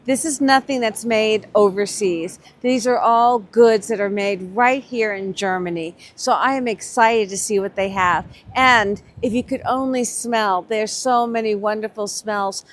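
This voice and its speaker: A woman talks slowly and gushes over handmade crafts as she walks through a winter market. Her commentary is casual and enthusiastic, with a mid-range voice and an unhurried pace. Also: medium pitch. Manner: gushing, enthusiastic, admiring. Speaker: vlog co-host shopping a market.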